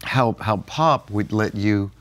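A man's voice: on the low side, slow pace. An older man co-hosting a Christian talk program, telling stories animatedly and laughing often. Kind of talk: casual chat with storytelling.

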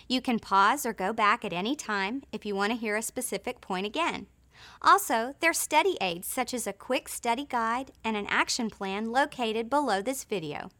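A woman presenting a scripted Bible study lesson in a clear, measured, gently emphatic way. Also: on the high side. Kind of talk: scripted teaching narration.

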